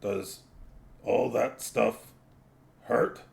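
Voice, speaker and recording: A man's voice: mid-range voice, steady tone, very slow, creaky, a little mellow, heavily acted. A man voicing a scruffy, cynical male talking dog who grumbles with mock primness. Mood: whimpering.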